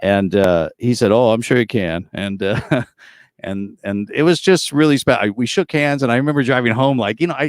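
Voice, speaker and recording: A man around forty speaks on a video call from the front seat of a tour bus, his voice sitting low and sounding close and dry. He tells his stories in an easygoing, rambling way, full of fillers. He is a guest recounting his life as a tribute performer. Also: no room sound. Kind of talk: casual storytelling interview.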